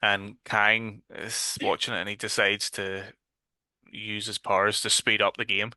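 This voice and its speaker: A man's voice: lowish voice, little pitch movement, unhurried, bright, forceful tone, no echo, studio quality. A man with a Northern Irish accent, co-hosting a casual horror podcast chat, swearing freely and loosely. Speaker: podcast co-host.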